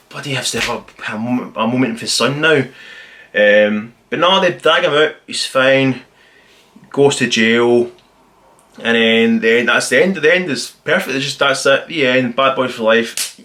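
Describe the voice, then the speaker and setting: A man giving a casual, spoiler-filled film review, rambling and excitedly retelling the plot with plenty of swearing. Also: medium pitch.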